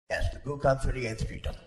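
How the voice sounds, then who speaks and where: A man's voice: mid-range voice, close to an everyday voice. A man voicing a snobbish, bigoted, wealthy older aunt, speaking primly and giggling at her own remarks in an improvised comedy sketch. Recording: roomy echo.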